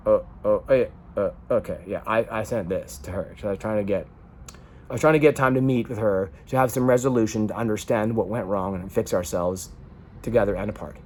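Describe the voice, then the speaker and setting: A man's voice: lowish voice, fairly quick, a little mellow, slight background noise. A man venting raw emotion in a rambling personal vlog monologue. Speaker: vlogger.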